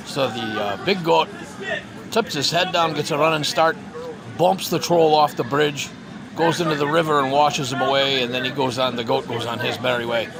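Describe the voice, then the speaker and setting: A man's voice: mid-range voice, normal speed. A man telling a folk tale in a chatty, meandering way, talking straight to his listeners at a castle fair. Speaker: storyteller. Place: outdoors at a busy castle fair. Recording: outdoor crowd noise behind.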